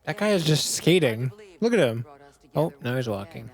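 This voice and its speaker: A man giving casual let's play commentary on a game he is playing, excitable, laughing often, swearing and yelling at the screen. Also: mid-range voice, normal speed. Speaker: gaming video creator.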